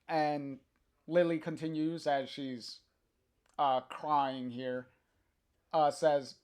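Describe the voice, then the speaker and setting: A man casually reading a comic aloud on a livestream, halting with many fillers and chuckling to chat. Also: fairly high pitch, fairly even intonation, a little mellow, clean tone.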